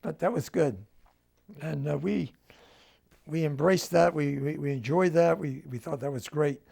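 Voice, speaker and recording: Older gravelly-voiced man telling family stories. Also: a little high, steady tone, measured pace, dark tone. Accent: New Jersey. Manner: storytelling, acts out quoted dialogue. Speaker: interviewee. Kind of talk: oral history interview. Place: home.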